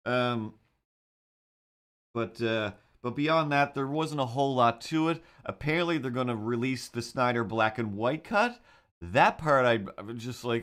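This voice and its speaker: Cartoonist guy rambling on his livestream, excitable, lots of ums, mid-pitched voice. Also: unhurried. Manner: rambling, excitable, with frequent fillers. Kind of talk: casual livestream chat.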